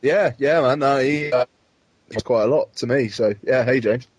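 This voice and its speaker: A man guests on a podcast and chats in a relaxed, easygoing way. His voice sits in the mid range, with nothing forced about it. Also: mid-range voice, normal speed, husky, dry recording. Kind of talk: casual podcast chat.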